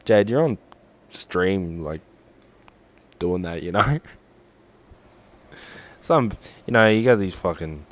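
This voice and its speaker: Young man, Australian accent, very deep voice, sarcastic, profane, casual livestream chatter. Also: animated, slow, pauses often. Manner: sarcastic, swearing, jokey rambling.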